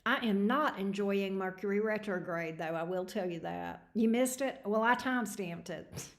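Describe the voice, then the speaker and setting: A woman's voice: mid-range voice, moderate pace. A woman hosting a tarot livestream, chatting casually with viewers in a snarky, laughing way, tired. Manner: snarky, laughing, reading chat messages aloud.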